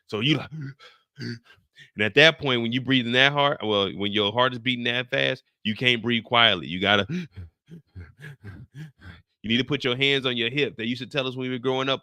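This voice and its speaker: A man's voice: mid-range voice, fairly even intonation, a little fast, sharp tone, dry recording, clean studio sound. A man hosting a live TV episode recap, telling the story in a profane, slangy way and acting out scenes with sound effects and his own anecdotes.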